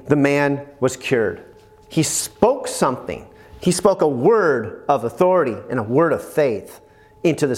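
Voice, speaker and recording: Animated, sing-song male preacher. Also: a little high. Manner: animated, exclamations of praise. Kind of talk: sermon.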